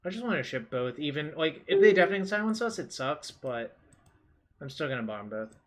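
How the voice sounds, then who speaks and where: A man's voice: fairly high pitch, very animated, a little fast. A man commentating his own card game match in a casual way, thinking aloud and swearing now and then.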